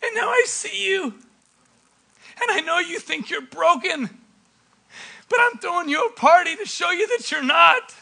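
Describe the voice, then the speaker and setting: A man's voice: extremely high pitch, slow, vocal fry, sharp tone, full character voice. A man playing a tender, loving father. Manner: tender, pleading. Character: loving father speaking gently to his son.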